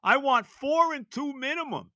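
A man's voice: extremely high pitch, animated, normal speed, sharp tone, dry recording. An older man, hosting a solo sports podcast and ranting emphatically, with rhetorical questions and cursing. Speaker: podcast host.

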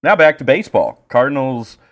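A man co-hosting a podcast, telling stories in casual chat, animated and full of swearing. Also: mid-range voice, a little fast. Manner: profane, animated storytelling. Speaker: podcast co-host.

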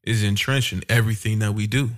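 Halting, thoughtful man in podcast chat. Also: fairly low pitch, fairly even intonation. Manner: halting, repeats words when thinking. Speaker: podcast co-host.

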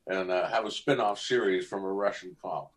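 A man's voice: low voice, moderate pace. A middle-aged man, a guest actor, chatting and telling anecdotes in an interview, often acting out the voices of people in his stories. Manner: animated, acts out voices in anecdotes. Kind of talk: casual interview storytelling.

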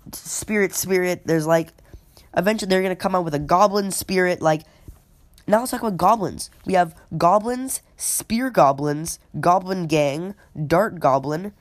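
Low-pitched woman just ranting on her podcast, kinda rambly, keeps restarting sentences. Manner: rambling, filler-heavy, frequent restarts; lists items off in quick runs. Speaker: podcast host. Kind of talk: casual opinion rant.

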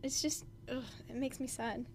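A young woman talking casually as co-host of a book discussion, with a chatty, excitable manner full of "like". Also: sits high, normal speed, slight background noise. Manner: chatty, lots of "like", excitable rants. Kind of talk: casual chat. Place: home.

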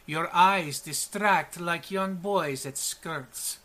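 A woman's voice: on the low side, slow pace, pushed and bright. A man voicing a towering female cat-person guard who speaks in formal, clipped phrases. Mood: stern.

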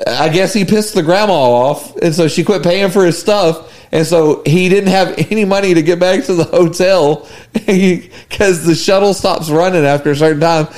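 A male podcast co-host tells rowdy anecdotes in easy, casual chat. He laughs through his stories and swears freely. His voice sits a little high for a man. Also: moderate pace, a little mellow. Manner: laughing, profane anecdotes with acted quotes.

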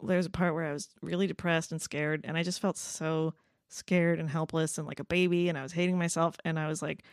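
A woman in casual podcast chat, animated, laughing often and acting out quoted voices. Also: deep voice, brisk, clean tone, no echo, studio quality.

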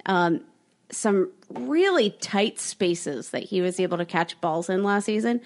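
A woman with a mid-range voice co-hosts a podcast in a loose, conversational way. She jokes around, then moves quickly into detailed analysis. She speaks into a podcast mic. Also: mid-range voice, expressive, a little hiss or hum. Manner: playful, joking, quick with analysis. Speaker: podcast co-host. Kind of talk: casual podcast chat.

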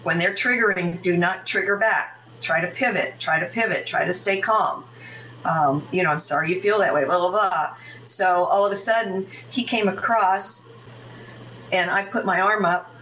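A middle-aged woman, a podcast guest, telling a personal story in an animated way and acting out the voices of others. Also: lowish voice, far from the mic, slight background noise, poor audio.

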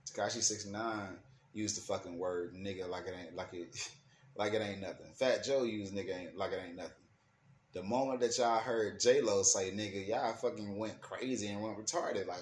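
A man's voice: on the low side, moderate pace. Slangy, emphatic man ranting in an echoey room. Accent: African American Vernacular English. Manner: slangy, profane, emphatic, repeats words while thinking. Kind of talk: casual opinion rant to camera. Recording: echoey room with faint ambient noise.

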